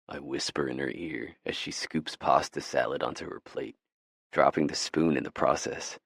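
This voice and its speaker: A man narrating a first-person romance audiobook in a low, husky manner. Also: steady tone, moderate pace, fairly bright tone, dry recording, studio quality.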